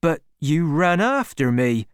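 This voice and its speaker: A man's voice: fairly high pitch, very animated, slow, smooth, no echo, clean studio sound. A man reading an earnest young shepherd. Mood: earnest pleading. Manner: earnest, gentle, pleading. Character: earnest young male shepherd farmer, pleading in love.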